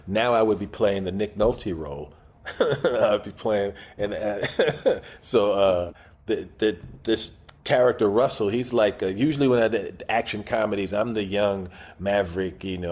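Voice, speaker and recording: A man's voice: on the low side, darkish tone. A man in his sixties, a guest actor in a casual interview, talking in a laid-back way with chuckles and repeated phrases. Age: 60s.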